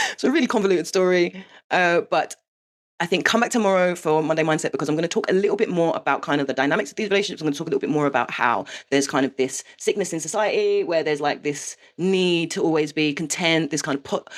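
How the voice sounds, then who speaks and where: Fast-talking frank woman vlogger. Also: low-pitched. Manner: frank and swearing, with rueful laughs. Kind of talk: candid confessional monologue.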